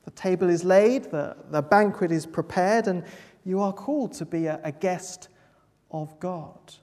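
A preacher delivering an earnest, emphatic sermon, pausing to stress key words. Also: medium pitch, a little mellow. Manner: earnest, emphatic, with pauses for weight. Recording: long hall reverb.

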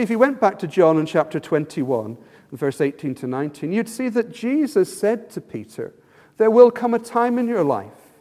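Animated male preacher, high voice, long hall reverb. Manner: animated, acts out quotes with rising emphasis. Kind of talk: sermon.

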